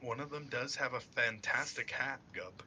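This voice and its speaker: A man narrating as dungeon master in a casual online tabletop game, laughing often and shouting lines for the crew he plays. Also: medium pitch, normal speed, slight background noise.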